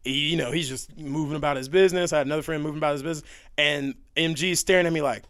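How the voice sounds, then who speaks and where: A young man on a podcast, telling stories in a casual, animated way, laughing often and leaning on fillers. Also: a little high, rapid-fire, no echo, clean studio sound. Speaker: podcast guest. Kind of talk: casual storytelling chat.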